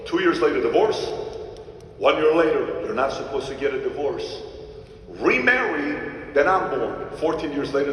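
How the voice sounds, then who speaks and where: A man telling a personal story to an audience, emphatic, jumping between loud outbursts and quiet asides. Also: on the high side, a little hiss or hum. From Iran. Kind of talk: animated storytelling to a live audience. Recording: echoey hall from far off.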